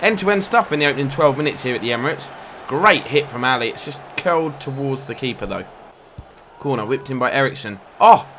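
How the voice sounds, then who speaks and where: A young man commentating on his football video game match, excitable and bursting into loud outcries at near misses and fouls. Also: mid-range voice, a little fast, noisy background. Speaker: gaming YouTuber.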